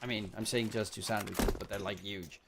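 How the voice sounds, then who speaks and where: A man casting an esports shooter match alone, rambling casually between calls and getting loud on the big plays. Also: lowish voice, fairly even intonation, brisk, very noisy. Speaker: esports caster. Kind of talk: solo casting commentary.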